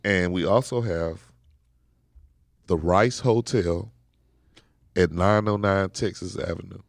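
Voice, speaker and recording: A man's voice: low-pitched, takes it slowly, vocal fry, dry recording. A man co-hosting a podcast, chatting casually in a laid-back, slangy storytelling manner on a close mic. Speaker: podcast co-host.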